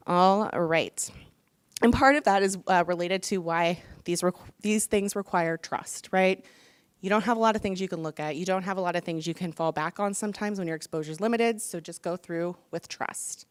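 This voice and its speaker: A woman leads a workshop in a casual, chatty way, full of fillers. Her voice sits low and sounds smooth and clear. The sound is dry, with little room echo. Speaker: workshop leader. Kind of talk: workshop presentation.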